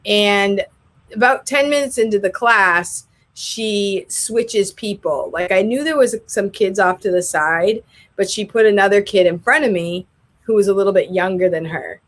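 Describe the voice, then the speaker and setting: A woman's voice: medium pitch, measured pace. A woman who teaches English online, chatting casually and telling rambling stories about her classes. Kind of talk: casual vlog chat.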